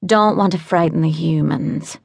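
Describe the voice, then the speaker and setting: A woman voicing a cynical young woman raven shifter with a raspy, sing-song Welsh accent and a terse, dry manner. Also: sits low, a little slow, no room sound, heavily acted.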